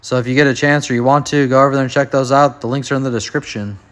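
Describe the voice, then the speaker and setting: A man's voice: medium pitch, fairly even intonation, quick pace, a bit bright. A man hosting a reaction show, giving laid-back commentary. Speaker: show host. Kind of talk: casual commentary to camera.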